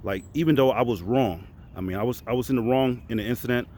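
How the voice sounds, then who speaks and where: A man's voice: medium pitch, fast talker, darkish tone, slight background noise. Earnest man telling a personal story. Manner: earnest, conversational, many fillers and restarts. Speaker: motivational speaker.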